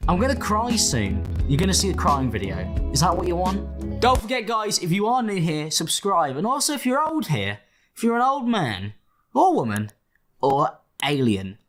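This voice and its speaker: A man's voice: high-pitched, sing-song, normal speed, a bit bright, soft background music. A man hosting a reaction video, talking in a sarcastic, theatrical, mock-whiny way. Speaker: host. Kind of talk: reaction commentary.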